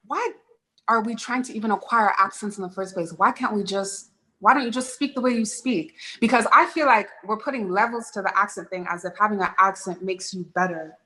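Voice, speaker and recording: A woman's voice: mid-range voice, brisk, pushed and bright, rough recording. A woman speaking frankly and with strong opinions as a panelist in a studio chat. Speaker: guest panelist.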